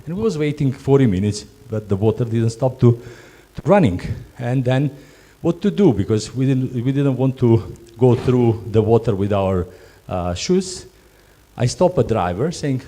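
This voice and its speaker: His mid-range, dark voice carries lively intonation at a moderate pace. He's training job candidates in hospitality, speaking emphatic non-native English and regularly repeating and restarting his words.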